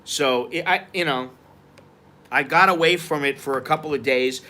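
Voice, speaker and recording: A man's voice: on the high side, normal speed, pushed and bright. A man from the United States telling a story and ranting on a live stream, heated and profane. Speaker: vlogger. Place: outdoors at a market.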